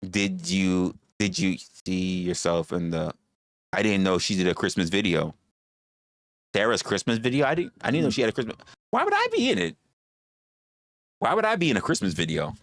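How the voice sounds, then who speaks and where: Lively low-voiced man chatting on a livestream. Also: brisk, dry recording, studio quality. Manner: rambling, profane, repeats phrases, animated. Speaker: livestream host. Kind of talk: casual livestream chat.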